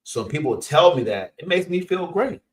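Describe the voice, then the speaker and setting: A man's voice: fairly high pitch, normal speed. A man, a coach and host giving an emphatic, casual motivational talk. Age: 50s. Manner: energetic, emphatic, punchy interjections.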